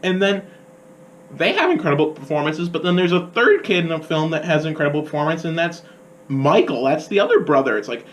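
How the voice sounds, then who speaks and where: A man's voice: fairly high pitch, expressive, brisk, fairly bright tone, slight background noise, rough recording. A young man hosting a college radio show, giving a casual, enthusiastic and rambling film review. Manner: enthusiastic, rambling, fond of quoting scenes.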